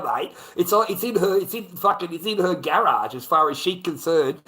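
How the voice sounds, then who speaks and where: A man streaming live, rambling through a story with heavy swearing and animated bursts. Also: fairly high pitch, normal speed, hardly any pauses. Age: adult. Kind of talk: casual livestream storytelling.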